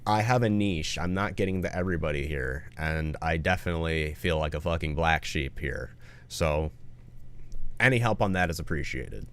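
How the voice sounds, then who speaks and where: Earnest, profane man with a low voice. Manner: earnest, profane appeal to viewers. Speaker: video creator. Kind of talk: earnest commentary video.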